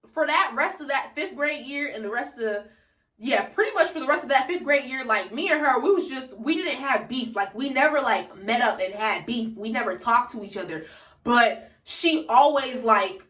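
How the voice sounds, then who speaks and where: A woman's voice: fairly high pitch, pushed and bright, recorded from a distance. A young woman in her late teens telling a story to her viewers in a chatty, slangy way, recorded on a phone. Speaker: vlogger. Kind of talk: casual storytime vlog. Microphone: phone camera. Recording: echoey room, away from the mic.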